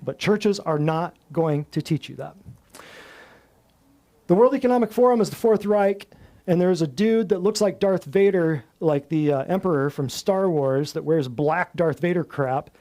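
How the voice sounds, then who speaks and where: A man's voice: fairly high pitch, normal speed, warm tone. A man hosting a natural health talk, preaching bluntly to a live group in a folksy, slangy way and piling up long emphatic lists. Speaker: natural health clinic host.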